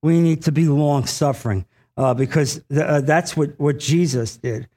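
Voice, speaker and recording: A pastor delivers a sermon to his congregation, speaking earnestly and directly to them. He repeats phrases for emphasis and fills pauses with "uh." His voice is on the high side and mellow.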